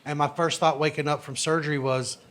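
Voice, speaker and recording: A man's voice: fairly high pitch, flat delivery, brisk, fairly bright tone, a little hiss or hum. A man doing a stand-up set in a comedy club, telling a story loosely and building to exasperated punchlines.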